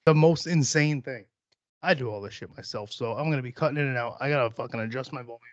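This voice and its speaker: A young man hosts his own podcast alone, rambling from one joke to the next with casual profanity. His voice sits at a middle pitch. The recording is dry and a little dull. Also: fast talker, no echo. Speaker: podcast host. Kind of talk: solo rambling podcast chat.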